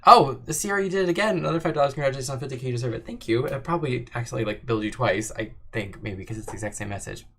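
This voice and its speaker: A man's voice: mid-range voice, rapid-fire, hardly any pauses, pushed and bright. A man chatting casually on a livestream, rambling and joking with lots of fillers while reading out chat. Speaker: streamer answering chat.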